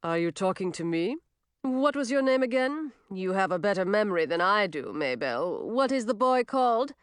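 A woman's voice: lowish voice, expressive, measured pace, no room sound, clean studio sound. A woman doing a smug, sneering young nobleman. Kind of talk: audiobook character voice.

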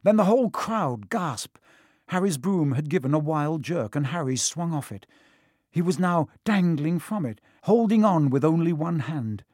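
A man's voice: on the high side, animated, moderate pace, a little mellow, dry recording, clean studio sound. Man reading a storybook aloud. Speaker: audiobook reader. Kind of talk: storybook narration.

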